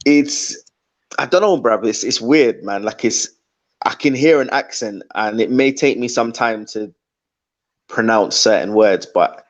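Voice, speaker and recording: A young man chatting as a podcast guest, joking and slangy, often restarting his sentences. His voice is mid-pitched and the recording is a little dull. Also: measured pace. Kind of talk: casual podcast chat.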